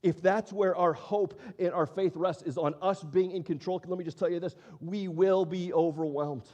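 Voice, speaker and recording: A man's voice: high-pitched, steady tone, moderate pace, darkish tone, highs cut off. A man preaching a sermon in a church, talking in a conversational way, asking questions and repeating his words as he thinks. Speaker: pastor. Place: church auditorium.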